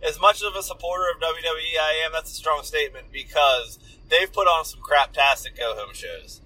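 A man's voice: on the high side, brisk, pushed and bright, a little hiss or hum, poor audio. A man co-hosting a podcast, easygoing and agreeable, leading the conversation to new topics. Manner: agreeable, easygoing, laughs often. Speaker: podcast co-host. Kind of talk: casual chat.

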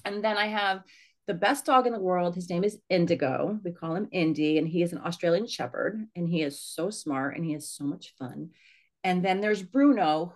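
Chatty woman author, low voice. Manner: chatty and warm about her pets, with laughs. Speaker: author guest. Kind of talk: casual podcast chat.

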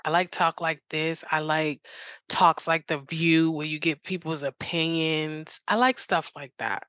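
A woman's voice: deep voice, steady tone, unhurried, a bit bright, dry recording. A woman guest on a talk show, telling her story in an eager, rambling way full of "like"s and restarts. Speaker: interview guest. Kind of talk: casual interview chat.

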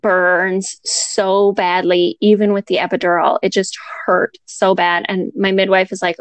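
A woman's voice: medium pitch, little pitch movement, normal speed, few pauses, no room sound. Chatty young woman laughing through a story. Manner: chatty, laughs often, many "like" fillers. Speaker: new mother telling her birth story. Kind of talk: casual storytelling chat.

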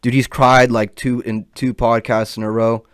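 A young man rants on his podcast, cursing freely and tripping over his words as he heats up. His voice sits at an ordinary pitch. The sound is dry and close, with no room around it. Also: level tone, normal speed, clean tone, dry recording. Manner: profane, rambling, heated. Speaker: podcast host. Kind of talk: casual podcast rant.

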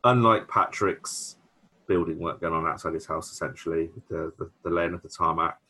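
A man's voice: deep voice, moderate pace, bright, forceful tone, breathy edge. A British man co-hosting a podcast, chatting casually about a sitcom and thinking aloud with restarts and fillers. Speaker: podcast co-host. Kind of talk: casual chat recapping a sitcom episode.

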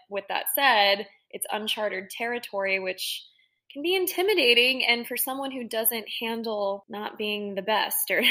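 A woman's voice: mid-range voice, sharp tone. A woman co-hosting a podcast, talking candidly and self-critically in casual chat. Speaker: podcast co-host.

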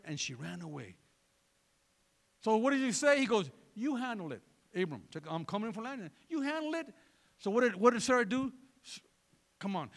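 A man preaching a sermon in an animated way, throwing joking asides to the congregation. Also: high voice, creaky. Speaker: pastor.

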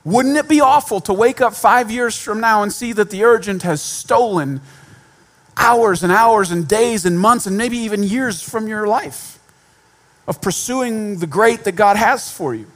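A man's voice: high voice, measured pace, fairly bright tone. A man preaching a sermon in a conversational style, with repetition and self-deprecating humor. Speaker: pastor.

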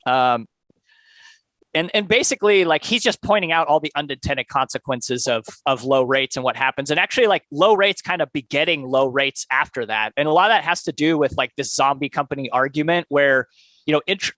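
Casual higher-voiced man on a podcast. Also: a bit bright, dry recording. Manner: loose and conversational, many filler words, chuckles between points. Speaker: podcast co-host. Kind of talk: casual chat summarizing a book.

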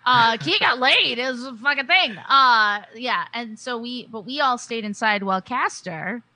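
A woman's voice: on the high side, moderate pace, bright, forceful tone, no echo, low-quality recording. A woman casually recapping a tabletop game session, chatty and laughing, with plenty of fillers and restarts. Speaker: player.

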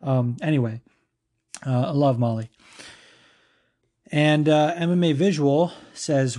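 A man with a mellow, warm-toned voice hosts a podcast and answers fan questions. His talk is loose and casual, full of fillers and swearing. He comes across as enthusiastic and unscripted. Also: fairly high pitch, steady tone, slow pace, long pauses. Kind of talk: casual chat.

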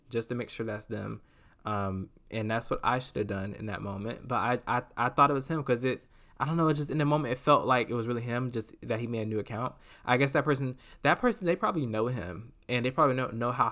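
A man telling a story to his viewers in a casual vlog, animated and chatty, laughing often and calling the listener "girl". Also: medium pitch.

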